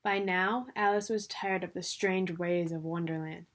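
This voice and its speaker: A woman reading a children's storybook aloud in a lively, expressive way. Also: lowish voice, measured pace. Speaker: reader.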